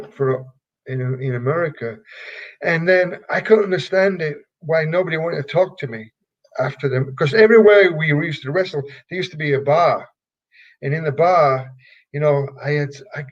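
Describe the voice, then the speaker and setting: An older man from England, a former wrestler telling stories in an interview, halting and rambling with many fillers. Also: fairly high pitch. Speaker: retired pro wrestler, guest. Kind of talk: casual interview storytelling. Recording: dull lo-fi recording.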